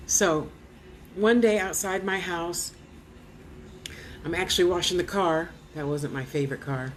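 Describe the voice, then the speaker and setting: With a lowish voice and an unhurried delivery full of pauses, a vlogger and spiritual teacher tells her testimony casually over background noise. She brings quoted voices to life, lowers to a whisper at times, and keeps adding "you know" asides.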